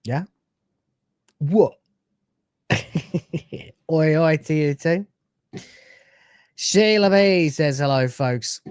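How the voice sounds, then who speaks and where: A man's voice: fairly high pitch, slow pace, long pauses, clear, resonant tone, no echo, clean studio sound. A man hosting a live stream, chatting casually with brash, sarcastic, crude banter.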